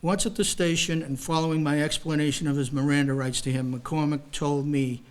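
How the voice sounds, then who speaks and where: A man's voice: fairly high pitch, fairly even intonation, fairly quick. An older man, a retired police detective, recounting a case to an audience. He reads formal report wording and breaks in with casual asides. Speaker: retired police detective speaking at a library talk. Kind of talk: storytelling, reading from a case report.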